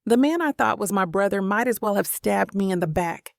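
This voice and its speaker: A woman voicing a troubled wealthy man who speaks in a low, measured, pained way. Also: expressive, vocal fry, no room sound, studio quality.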